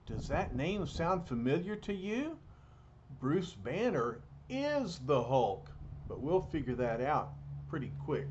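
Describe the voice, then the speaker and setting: A man's voice: on the high side, sing-song, slow, slight background noise. A man reading a comic book aloud casually, chatting with fillers and asides to his listeners, on a dull lo-fi recording.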